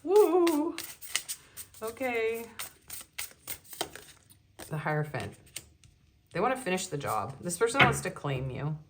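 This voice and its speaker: Giggly low-voiced woman reading tarot. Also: very animated, measured pace, long pauses, heavy background noise. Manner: giggly, chatty, frequent ums and likes. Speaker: tarot reader.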